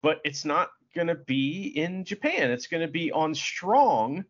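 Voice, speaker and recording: A man co-hosting a casual wrestling podcast, chatty and relaxed, swearing freely. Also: fairly high pitch, measured pace, muffled recording. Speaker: podcast co-host. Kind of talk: casual wrestling recap chat.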